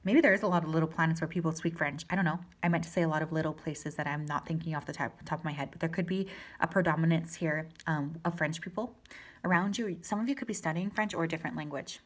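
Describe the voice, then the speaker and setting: A woman giving a pick-a-card tarot reading, talking in a gentle, reassuring and chatty way, with fillers. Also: deep voice, fast talker. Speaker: tarot reader.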